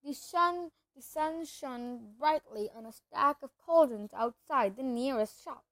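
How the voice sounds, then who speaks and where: A woman's voice: high-pitched, takes it slowly, a bit bright, no echo. A woman narrating a children's storybook aloud, reading steadily with the occasional slip and restart. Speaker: reader.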